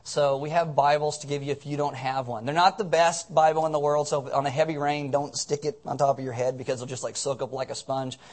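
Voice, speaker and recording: Speaking a little fast with few pauses, a man with a voice on the high side delivers things flatly. He's a pastor leading a church service, groggy from cold medicine, rambling, joking, and poking fun at himself as he works through announcements in a casual sermon.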